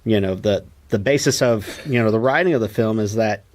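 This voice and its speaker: A man co-hosting a casual podcast about a film, lively and quick to act out lines from scenes. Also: on the low side. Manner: animated, acts out film dialogue in quoted voices. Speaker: podcast co-host. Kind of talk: casual movie discussion.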